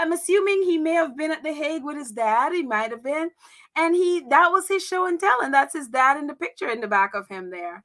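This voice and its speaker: Bright, kinda high-voiced woman just chatting on her stream, lots of ums and giggles. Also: animated, a little fast. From United States. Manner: chatty, laughs often, many fillers. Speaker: livestream host. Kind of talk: casual livestream commentary.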